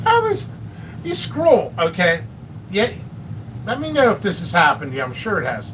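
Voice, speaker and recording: A man's voice: high-pitched, huge pitch swings, normal speed, fairly bright tone, distant mic, slight background noise. A man hosting a casual live stream about peppers and hot sauce, rambling and joking at his own expense. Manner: rambling, joking, self-mocking.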